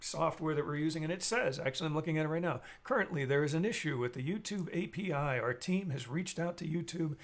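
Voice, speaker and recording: A man's voice: fairly high pitch, fast talker, few pauses. A man hosting a casual live stream, rambling and joking while he reads out viewer comments.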